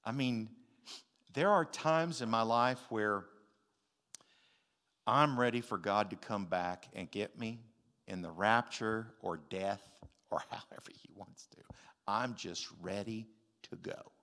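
Older male pastor, unhurried, emphatic sermon delivery, in a church with a long reverberating hall sound. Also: lowish voice. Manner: emphatic, swings between loud stresses and quiet asides. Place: large church sanctuary.

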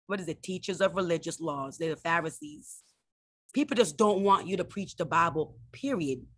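A woman's voice: expressive, moderate pace, slightly rough, no room sound. Fervent woman preaching online. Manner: fervent preaching with Bible quotes; mocks critics in a high voice. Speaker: minister leading morning prayer. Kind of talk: online prayer sermon.

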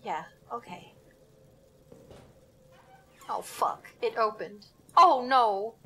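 Young woman streamer playing a horror game, high bright voice, jittery and giggly, swears a lot. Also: very slow, slightly rough. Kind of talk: live gaming commentary.

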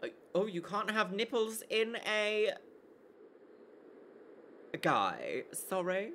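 A woman on a casual live stream, playing a game and chatting with her chat in an animated, giggly way. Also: medium pitch, takes it slowly, pauses often, slight background noise.

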